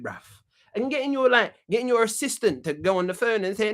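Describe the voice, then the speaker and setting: A man with a very high, sing-song, slightly bright voice runs a comedy talk show, talking a little fast. His monologue is cocky and meandering, full of slang and repetition.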